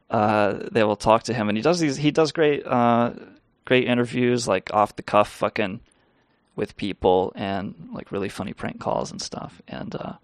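A man with a gravelly, creaky voice tells a loose, swearing-laced story on his live stream. His sound is close and dry. He chuckles as he rambles and reads the chat aloud. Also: mid-range voice, dry recording. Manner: rambling, profane, laughing. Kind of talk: casual storytelling and reading chat.

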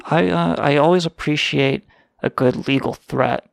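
A man's voice: on the high side, measured pace, vocal fry, dry recording. A man hosting a call-in radio show, ranting and swearing in crude comic banter. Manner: profane, ranting, mock-indignant.

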